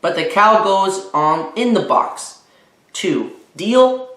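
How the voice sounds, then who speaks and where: A man plays a tired, bargaining mother in a storybook read-aloud. Her voice sits higher than his own, scolding and impatient. The room around it rings a little. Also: animated, slow pace, a bit bright, heavily acted. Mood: exasperated. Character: exasperated mother sorting her son's toys. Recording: roomy echo.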